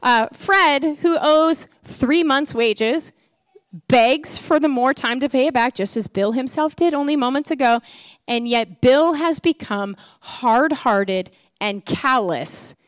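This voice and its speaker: Lively woman preaching with playful questions. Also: high-pitched, takes it slowly, clean tone, no room sound, clean studio sound. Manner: animated, playful storytelling with rhetorical questions. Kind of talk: sermon. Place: church.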